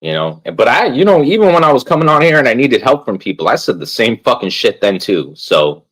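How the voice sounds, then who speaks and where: A man's voice: medium pitch, sing-song, brisk, fairly bright tone, breathy edge, low-quality recording. A man streaming live, ranting casually while he plays a game, swearing often and padding his talk with "like". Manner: rambling, swears constantly, fills with "like". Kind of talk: casual profane rant while gaming.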